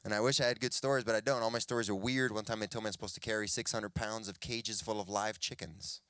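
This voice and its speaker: A man's voice: lowish voice, steady tone, fast, a bit bright, clear, resonant tone, dry recording, studio quality. A middle-aged man born in Cuba, performing a stand-up comedy set and acting out other people's voices.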